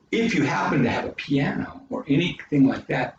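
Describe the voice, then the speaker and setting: A man's voice: expressive, measured pace, muffled recording, slight background noise. Dramatic Canadian man, echoey and distant. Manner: dramatic, swoops widely in pitch. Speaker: public speaking coach. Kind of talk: presentation to an audience. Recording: very echoey room, mic far off.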